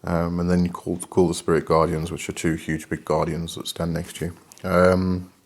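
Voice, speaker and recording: Male teacher, low voice, casual how-to talk with a lot of "um"s. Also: level tone. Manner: rambling, hesitant, many fillers; reads book passages aloud in a measured tone. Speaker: occult teacher.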